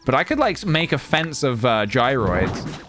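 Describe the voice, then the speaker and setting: Guy streaming a chill game, bouncy lively voice, rambles and hums little tunes, faint music behind. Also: medium pitch, measured pace. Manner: chatty and meandering, laughing, humming tunes to himself. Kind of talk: casual gameplay livestream chat.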